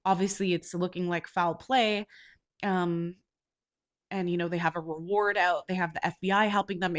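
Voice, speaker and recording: A congested woman in her forties, a podcast host telling a story casually, swearing and rising to loud outrage. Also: on the low side. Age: 40s.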